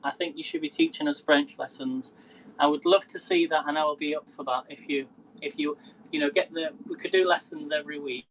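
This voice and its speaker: Man, chatty live-stream cook, slightly high voice, faint hum behind. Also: a little fast, creaky, a bit bright, poor audio. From England. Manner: chatty, laughs often, chats with viewers by name. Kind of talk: casual live-stream cooking chat. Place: home kitchen.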